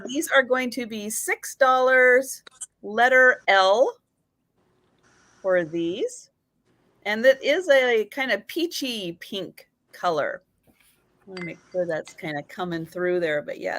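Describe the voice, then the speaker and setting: A woman's voice: on the high side, animated, slow, a bit bright, no echo. A woman hosting a live vintage sale, describing items carefully and greeting viewers by name in a casual chat.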